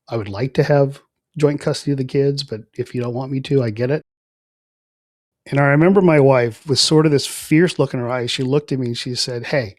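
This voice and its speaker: Middle-aged male guest, earnest testimony, mid pitch, dry close mic. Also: dry recording. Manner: earnest, reflective, with frequent fillers and soft trailing phrases. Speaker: podcast guest. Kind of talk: conversational spoken testimony.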